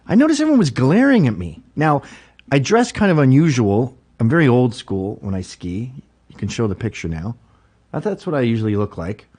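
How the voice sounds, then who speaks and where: A man's voice: mid-range voice, fairly quick. A man telling a rambling story in a casual chat, laughing and acting out the people in it. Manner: animated, laughing, acts out quotes loudly. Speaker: podcast guest.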